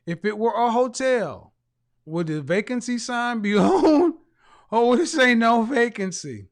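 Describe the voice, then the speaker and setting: A man's voice: very high-pitched, expressive, measured pace. A man hosting a casual livestream, reading out viewer comments in a mocking, teasing way. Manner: bursts of loud laughter. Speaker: live show host reading viewer comments.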